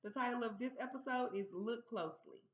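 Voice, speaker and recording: A woman's voice: on the high side, brisk. A woman hosting her own channel, casually recapping a TV episode in a chatty storytelling way and acting out the characters' lines. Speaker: TV recap host. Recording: roomy, dull lo-fi sound.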